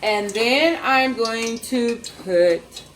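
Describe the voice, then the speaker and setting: A woman's voice: on the high side, very slow. An older woman hosting a casual cooking demonstration, chatting and rambling to her viewers as she works in her home kitchen. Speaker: cooking vlog host. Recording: noisy kitchen with clattering pans.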